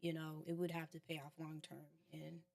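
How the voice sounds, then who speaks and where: A woman on a podcast answering a question in a thoughtful, measured way. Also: sits low, completely flat delivery, creaky, darkish tone. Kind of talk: casual podcast banter.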